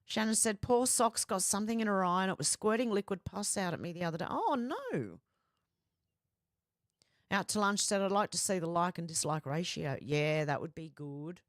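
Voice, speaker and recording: A woman's voice: fairly low pitch, lively intonation, normal speed, no room sound, studio quality. An Australian woman hosting a livestream in a casual, chatty way, reading viewer comments aloud and reacting to them. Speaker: livestream host reading chat. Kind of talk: casual chat.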